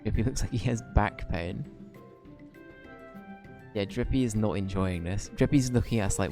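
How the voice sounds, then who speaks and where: Joking male streamer, low mellow voice. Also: moderate pace, pauses often, faint music behind. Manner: joking, laughs at his own lines. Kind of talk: casual let's-play commentary.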